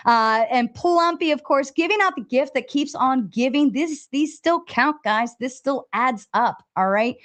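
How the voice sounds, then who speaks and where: A woman hosting a casual livestream, talking excitedly, swearing freely and reading viewer chat messages aloud. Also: high-pitched, a little slow, few pauses. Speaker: livestream host.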